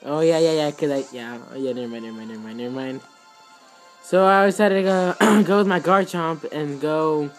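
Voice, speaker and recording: A young man giving excitable, rambling commentary on a game he played, with sudden outbursts. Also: fairly high pitch. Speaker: gaming YouTuber. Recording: faint music behind.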